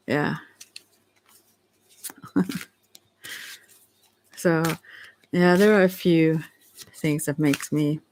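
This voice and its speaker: A woman with a Swedish accent, speaking English as a second language in a halting, casual chat, often correcting herself and laughing. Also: sits low, a little mellow, a little hiss or hum. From Sweden. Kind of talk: casual one-sided chat, reading aloud.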